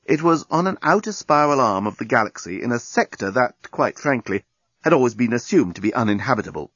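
A man narrating a storybook with a lively, expressive reading. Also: mid-range voice, fairly quick, breathy edge, dry recording. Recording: dull lo-fi recording.

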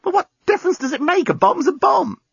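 A man putting on a sharp, impatient young woman. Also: very animated, a little fast, creaky, no echo, dull audio, full character voice. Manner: high and insistent.

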